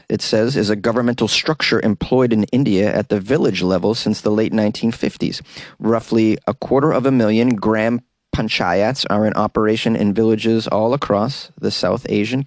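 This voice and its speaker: Guy doing his solo podcast, goofy and rambly, normal pitch, super dry close mic. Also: no echo. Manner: playful, rambling, breaks into silly singing. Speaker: podcast host. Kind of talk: casual solo podcast chat.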